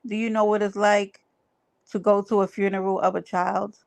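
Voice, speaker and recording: A woman's voice: medium pitch, little pitch movement, moderate pace, gravelly. A woman hosting a livestream, talking to her chat in an emphatic, preachy way and repeating her phrases. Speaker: livestream host. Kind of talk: casual livestream talk to chat.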